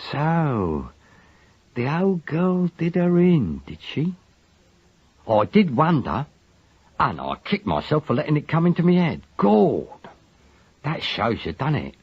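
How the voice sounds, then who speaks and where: Gruff cockney manservant, a guy doing the voice, husky, grumbly, swoops high and low, dull lo-fi sound. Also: huge pitch swings, takes it slowly, pauses often, dry recording, exaggerated voice. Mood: rattled. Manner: grumbling, defensive, slangy. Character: truculent middle-aged Cockney manservant, grumbling. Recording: dull lo-fi recording.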